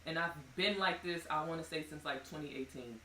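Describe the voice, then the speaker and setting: Bright-voiced woman, a little off-mic. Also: sits low, reverberant, distant mic, a little hiss or hum. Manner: open, halting talk with many "like"s. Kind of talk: candid group chat about mental health.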